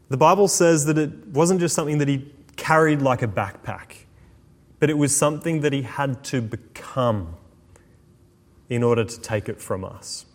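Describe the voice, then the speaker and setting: A man preaching a sermon, swinging between slow, hushed emphasis and quick asides. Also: mid-range voice. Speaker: pastor. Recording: long hall reverb.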